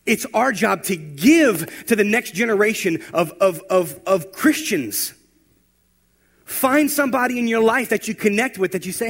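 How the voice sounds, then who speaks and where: A man preaching a sermon, telling stories and building to loud, emphatic exhortation. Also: high-pitched, animated, moderate pace. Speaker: pastor.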